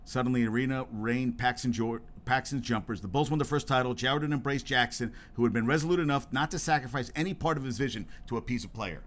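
A man in the middle of a rambling solo podcast monologue, stumbling over his words and cursing freely. His pitch sits in an ordinary middle range. A faint hum of ambience stays behind him. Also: fast, few pauses, a bit bright. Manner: rambling and profane, with frequent restarts; worked up and emphatic. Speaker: podcast host.

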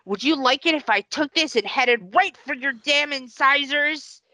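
A woman's voice: high-pitched, unhurried, bright, forceful tone, no echo, pitched above the performer's own voice. A woman voicing a menacing, sadistic male dentist who taunts his patient. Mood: taunting. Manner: taunting, mock-sweet menace.

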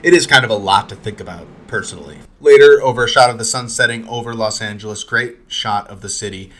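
A man's voice: lowish voice, quick pace, fairly bright tone. A man hosting a casual recap of a TV episode, retelling scenes with chatty asides and fillers. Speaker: podcast host recapping a TV episode.

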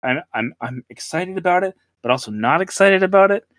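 Chill podcast host guy, lively up-and-down voice, dry close sound. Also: high voice, brisk, no echo. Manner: laid-back, chuckling, meandering. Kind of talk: casual podcast chat.

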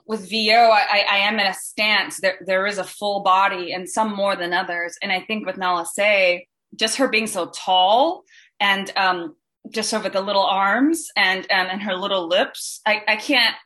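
Bright, animated voice actress from Singapore; chatty, with lots of fillers. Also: female voice, mid-range voice. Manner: animated, rambling, many restarts and fillers. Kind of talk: panel Q&A answers.

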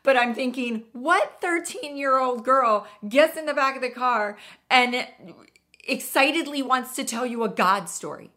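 A woman's voice: sits high, lively intonation, measured pace, sharp tone. A woman podcast host telling stories in an earnest, emphatic, conversational way. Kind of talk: casual storytelling monologue.

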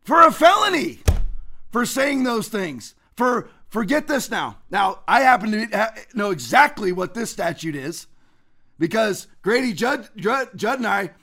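Middle-aged male host, indignant ranting commentary, very high gravelly voice, bright and sharp. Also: sing-song, a little slow. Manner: indignant, ranting, shouts often. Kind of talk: fired-up political commentary.

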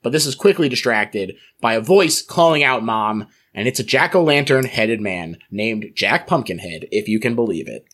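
A man's voice: medium pitch, animated, normal speed, few pauses, fairly bright tone. A man hosting a podcast, recapping a film's plot playfully and laughing at his own jokes. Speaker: podcast host. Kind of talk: plot recap and casual chat.

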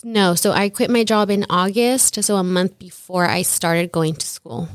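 A young woman, a guest on an interview, tells her story in a chatty, casual way, peppering it with "like" and acting out quotes. Her medium-pitched voice is steady and moderately paced, captured in a dry, clean studio recording.

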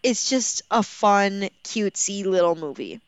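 A young woman co-hosting a podcast in casual movie chat, giggly and animated, with big pitch swings. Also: unhurried, clean tone, no echo. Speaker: podcast co-host.

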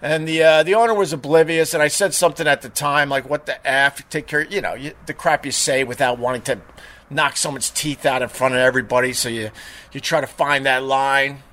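A middle-aged man hosting a show, chatting casually and telling a story with lively retold dialogue. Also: mid-range voice, brisk. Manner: animated storyteller, mimics voices in retold dialogue. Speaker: show host.

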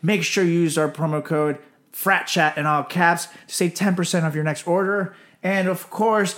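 A man's voice: a little high, fairly bright tone. A young man co-hosting a podcast, joking, swearing and laughing often in casual banter. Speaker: podcast co-host.

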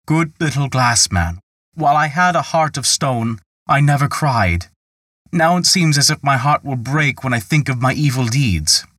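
A man's voice: medium pitch, expressive, normal speed, a bit bright, no room sound, studio quality, voice pushed up. A man voicing a young male charcoal burner, speaking earnestly. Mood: remorseful.

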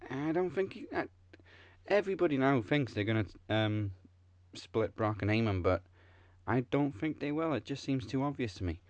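A man's voice: medium pitch, lively intonation, normal speed, dry recording, muffled recording. A Welsh man chatting casually as a podcast co-host, laid-back and hesitant with many fillers. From Wales. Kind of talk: casual chat.

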